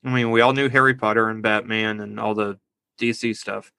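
Casual podcaster, male, bright and forceful delivery, dry close mic, giggles through his own stories. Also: on the low side, fairly even intonation, fairly quick, creaky, clean tone, dry recording. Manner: laughs at his own jokes, rambling. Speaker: podcast co-host. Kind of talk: casual movie review chat.

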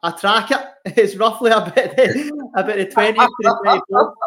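At a moderate pace and with a voice that sits high, a young Scottish podcast co-host who coaches online talks casually. His manner is animated and sweary, and he breaks into laughter often.

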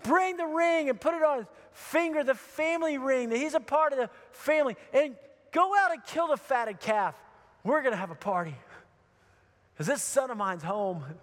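A man's voice: extremely high pitch, normal speed, fairly bright tone, voice pushed up. A man preaching and voicing a forgiving father who greets his lost son with joy, in an echoey hall. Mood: overjoyed. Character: overjoyed forgiving father, middle-aged man.

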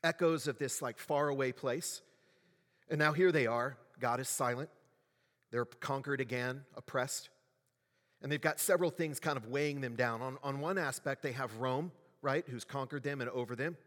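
A pastor preaches a sermon in a large hall with long reverb, his medium-pitched, fairly bright voice moving at normal speed. He keeps it conversational and asks the congregation questions.

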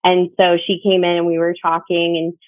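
This young bereaved mother from Northern Virginia speaks at a normal speed in a lowish voice with a completely flat delivery and no echo. Recorded dry over a tinny, phone-like line, she tells her story conversationally, earnestly and reflectively, quoting others' dialogue.

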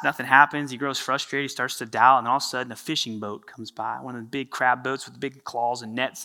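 Male pastor preaching, bright clear voice, chatty animated storytelling. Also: mid-range voice. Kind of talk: sermon.

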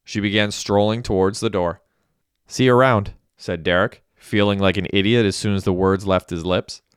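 A man with a low, smooth, resonant voice reads a novel as an audiobook. His storytelling is even and steady. He is recorded on a close mic in a dry room. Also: normal speed, no echo. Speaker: narrator. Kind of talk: audiobook narration.

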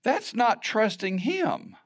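A man's voice: sits high, very animated, slow. A middle-aged man preaching a sermon in a conversational, storytelling way with self-deprecating humor. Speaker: pastor.

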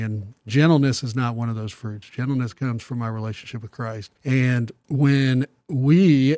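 A middle-aged man talking about faith in an earnest, reflective way, pausing to restart his sentences. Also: mid-range voice, darkish tone, dry recording. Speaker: podcast guest. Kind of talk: casual Bible discussion.

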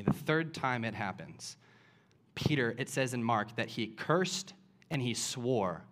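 A man's voice: medium pitch, normal speed, a bit bright. A man preaching a sermon, retelling scripture as a story and building to impassioned emphasis.

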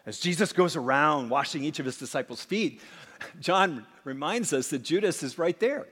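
Animated male preacher in a reverberant church. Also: fairly high pitch, normal speed, husky. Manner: animated preaching, drops to hushed asides, acts out quotes. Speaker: pastor. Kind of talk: sermon. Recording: long hall reverb.

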